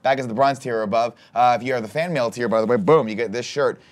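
A man co-hosting a comedy podcast, riffing jokes and reading out supporter shout-outs. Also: mid-range voice, fast talker. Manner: joking, riffing, reads sponsor plugs. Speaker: podcast co-host. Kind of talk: casual comedic chat.

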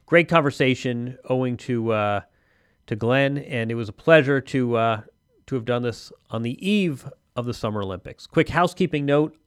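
A podcast host with a smooth, mid-range voice introduces a guest and interviews him in a chatty, friendly way, with some filler hesitations. The studio sound is clean, without echo.

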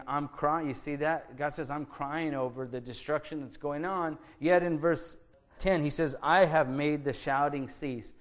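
A man preaching a verse-by-verse sermon as a pastor, reading scripture aloud slowly and then explaining it in a conversational tone with rhetorical questions to the congregation. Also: mid-range voice. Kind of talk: expository sermon.

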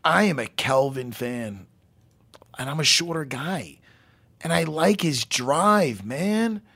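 Male host, animated, gravelly voice, jokey, casual swearing. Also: on the high side, takes it slowly. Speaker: podcast host. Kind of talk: casual chat.

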